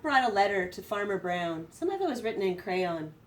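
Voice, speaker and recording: Teacher reading a storybook aloud, distant mic. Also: female voice, mid-range voice, a little fast, hardly any pauses. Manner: expressive read-aloud, voice rising for excitement. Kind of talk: storybook read-aloud to students. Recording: distant from the microphone.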